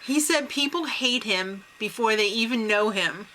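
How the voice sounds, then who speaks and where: A young American woman co-hosting a casual reality TV recap chat, giggly and prone to loud laughs. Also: fairly high pitch, unhurried, a little hiss or hum, poor audio. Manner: giggly, breaks into loud laughs and mock voices. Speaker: co-host of a reality TV recap show.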